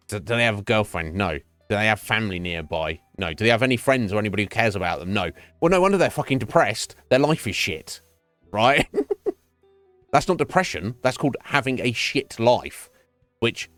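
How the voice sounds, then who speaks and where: Profane, animated male streamer ranting. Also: lowish voice, no room sound. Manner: animated, profane, repeats words, laughs often. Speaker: livestreamer. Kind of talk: casual ranting chat while gaming. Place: home streaming setup.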